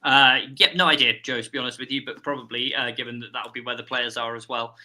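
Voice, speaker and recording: A man on a live podcast panel lays out his argument at length in an articulate, analytical way. His voice has a very bright, forward tone. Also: mid-range voice, fairly even intonation, fast talker. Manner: articulate, analytical, long reasoned points. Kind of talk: live-stream football analysis.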